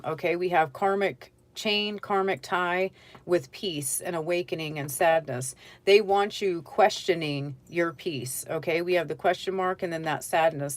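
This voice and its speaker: A woman's voice: lowish voice, no echo. A woman giving a casual tarot reading, talking straight to the viewer and often checking in with "okay?". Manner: chatty, keeps checking in with "okay?"; direct advice to the viewer. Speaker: tarot reader.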